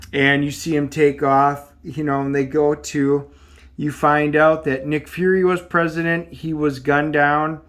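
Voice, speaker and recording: A man reviewing a comic book in a casual style. He recaps the story and reads the dialogue from the panels aloud in a loose, halting way. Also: fairly high pitch, level tone, fairly bright tone.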